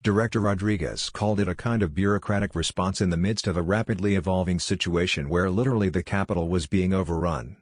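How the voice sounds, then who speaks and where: A man reading a government report aloud in a steady, measured way. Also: low-pitched, dry recording, clean studio sound. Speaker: report reader.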